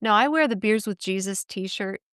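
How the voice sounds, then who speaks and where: A woman co-hosting a casual faith podcast, chatty and quick with affirmations, often laughing. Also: medium pitch, a bit bright, smooth, no room sound, studio quality. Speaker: podcast co-host.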